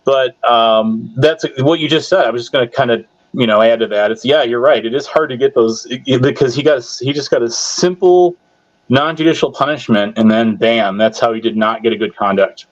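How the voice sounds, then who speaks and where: A man of middle pitch chatting easily on a podcast and telling a story in military slang. His audio sounds dull and lo-fi. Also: fairly quick. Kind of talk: casual chat.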